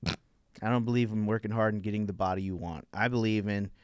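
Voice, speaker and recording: A man's voice: lowish voice, brisk, clean tone, dry recording. A young man hosting a comedy podcast, rambling crudely in laid-back casual chat. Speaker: podcast host.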